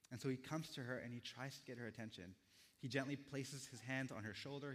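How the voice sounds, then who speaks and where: Gentle male pastor in a reverberant church. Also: mid-range voice. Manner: gentle, reflective storytelling with quiet pauses. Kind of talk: sermon.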